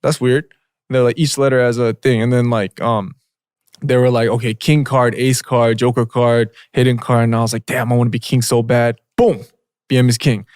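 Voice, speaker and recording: A man's voice: medium pitch, flat delivery, fairly quick, darkish tone, dry recording, studio quality. A young man co-hosting a podcast, telling a story in casual slangy chat with lots of filler words and "bro". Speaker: podcast co-host.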